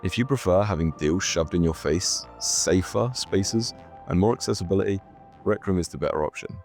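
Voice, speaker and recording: A man's voice: sits low, moderate pace, a little mellow, soft background music. A man hosting his own video, reading a scripted commentary with sarcastic, mock-serious asides. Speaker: YouTube host.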